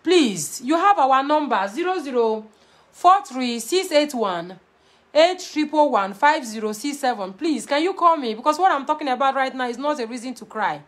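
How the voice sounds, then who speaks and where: A woman with a Nigerian Pidgin English accent talks straight to camera in a high voice. She is blunt and animated, slipping between Pidgin and plain English as she talks. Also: moderate pace. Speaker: vlogger giving marriage advice. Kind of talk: casual to-camera talk.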